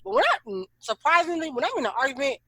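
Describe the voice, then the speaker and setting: A woman co-hosting a podcast, chatting casually and expressively, her voice rising loud when she gets excited. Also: high voice, fast talker, dry recording. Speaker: podcast co-host. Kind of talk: casual chat.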